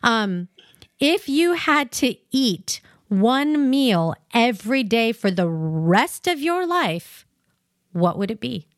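A woman's voice: on the high side, very animated, slow, dry recording, studio quality. A woman co-hosting a podcast interview, upbeat and affirming toward her guest. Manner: enthusiastic, affirming. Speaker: podcast co-host. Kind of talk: casual interview chat.

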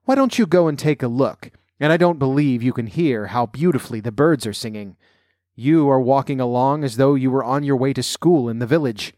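Man reading sly wicked wolf, smooth, coaxing, storybook, dry sound. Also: medium pitch, expressive, brisk, darkish tone, dry recording, close to an everyday voice.

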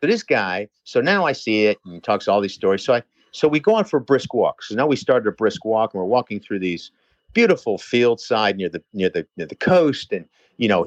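A man telling a lively, swearing anecdote in a casual chat, talking fast. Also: mid-range voice, dry recording, lo-fi sound. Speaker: personal trainer telling a story.

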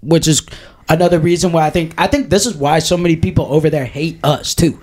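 A man's voice: on the high side, fairly even intonation, fast. A man co-hosting a podcast, rambling in casual chat, blunt and profane. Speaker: podcast co-host.

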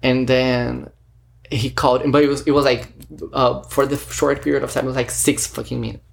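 A man's voice: mid-range voice, flat delivery, moderate pace, creaky. A man vlogging to a self-recorded camera, telling a story in a rambling, filler-heavy way and acting out bits of conversations as he goes. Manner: rambling, filler-heavy, retells talks with quoted dialogue. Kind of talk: casual storytelling monologue. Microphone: self-recorded camera or phone.

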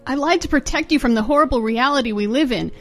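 Rich: A frightened young mother, played by a woman, held captive, who pleads anxiously and stumbles over her words. Her voice sits high. This is a comedic parody dub. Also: fast, soft background music. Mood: pleading.

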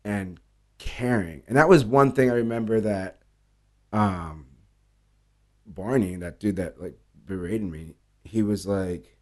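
A man with a slightly low voice tells stories in a loose, conversational way. He swears often and slips into acted-out lines from the people he is describing. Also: takes it slowly. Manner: animated storyteller, acts out quoted dialogue, swears freely. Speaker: bartender guest. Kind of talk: casual storytelling interview.

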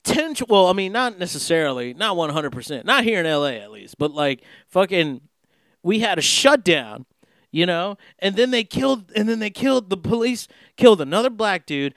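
A man's voice: high voice, lively intonation, normal speed, clean tone, dry recording. A man chatting casually in a rambling, profane way, laughing through his story. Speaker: vlogger. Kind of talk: casual chat. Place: Los Angeles.

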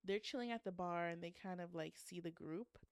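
A woman co-hosts a relaxed book chat and tells the story with lively, slangy asides to her listeners. Her voice is smooth and clear. The sound is close and dry, with no room echo. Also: on the low side, brisk. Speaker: book podcast co-host. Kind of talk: casual book discussion.

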